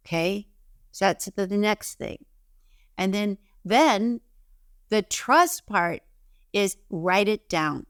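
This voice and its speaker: A woman's voice: mid-range voice, lively intonation, slow pace, long pauses, no room sound, studio quality. A woman giving an instructional self-help talk to camera, emphatic, repeating key phrases and giving direct instructions. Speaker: intuition teacher.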